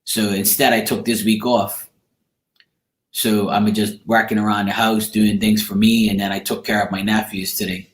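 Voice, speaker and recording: Man, low voice, casual rambling chat, blunt and swears, roomy echoey sound. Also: little pitch movement, normal speed. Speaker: tarot reader. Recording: echoey room.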